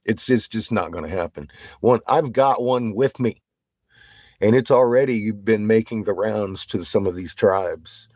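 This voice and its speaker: A man chatting casually with viewers on a livestream. He swears constantly, gets excited and laughs often. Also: on the low side, measured pace, dry recording.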